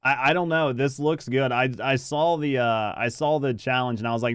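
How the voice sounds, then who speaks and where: Dude reacting to a food video, smooth voice, dry close sound, swears a lot and rambles. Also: male voice, medium pitch, moderate pace, a bit bright, no room sound. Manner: rambling, swears freely, chats with viewers. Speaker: reaction streamer. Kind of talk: casual live reaction commentary.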